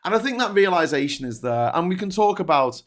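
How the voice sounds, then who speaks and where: A man's voice: sits high, big pitch swings, fairly quick. A middle-aged man with a Scouse accent hosting a livestream, ranting angrily and bluntly with heavy swearing, then reading out viewer comments. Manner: angry, profane, blunt. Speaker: host.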